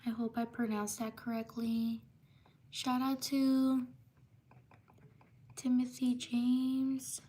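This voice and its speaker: A woman hosting a live stream, reading out viewers' names one by one and quickly apologizing for mispronunciations. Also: fairly high pitch, completely flat delivery, mellow, breathy edge. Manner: slow, drawn-out name reading with quick apologies. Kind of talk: live stream shout-outs.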